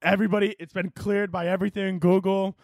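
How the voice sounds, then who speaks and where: A man's voice: high-pitched, level tone, fast, no echo, studio quality. A young man hosting a solo podcast, rambling casually and mocking himself, swearing as he goes. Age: young adult. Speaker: podcast host.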